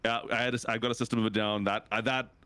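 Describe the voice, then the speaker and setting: A Canadian man in his thirties, a streamer rambling casually with his chat, his pitch jumping up for reactions. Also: level tone, rapid-fire, sharp tone, smooth, no room sound. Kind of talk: casual chat with chat while gaming.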